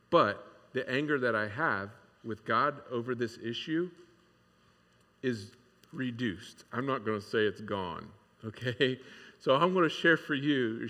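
Man, pastor, sermon, conversational, many fillers and restarts, bright tone, long hall reverb. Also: fairly low pitch.

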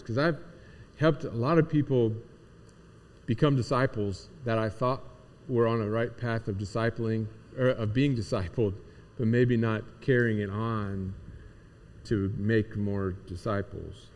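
A man's voice: lowish voice, steady tone, unhurried, a little mellow. A middle-aged man preaching a casual, conversational sermon as pastor, teaching more than preaching and repeating key words for emphasis. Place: church sanctuary. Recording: long reverb of a church hall.

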